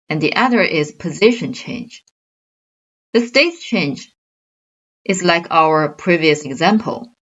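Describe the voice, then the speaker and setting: A woman teaching a grammar lesson, explaining slowly and carefully with examples. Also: on the low side, a bit bright, breathy edge, muffled recording. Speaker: Chinese language teacher.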